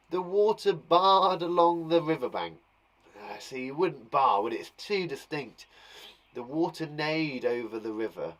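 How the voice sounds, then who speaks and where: A man teaching young children online, chatty and thinking aloud as he acts out the sounds of words. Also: a little high. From England. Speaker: primary school teacher.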